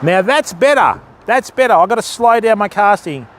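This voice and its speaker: A high-pitched Australian man chats casually on a live fishing stream, ribbing his viewers with easy banter as he casts outdoors. Faint outdoor noise sits behind his voice. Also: lively intonation, moderate pace, a bit bright.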